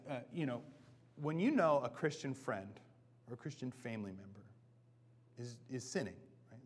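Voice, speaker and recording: A man in his thirties, a pastor giving a relaxed, conversational sermon, often checking in with "right?" and joking at his own expense. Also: mid-range voice. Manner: casual, self-deprecating, often asks "right?".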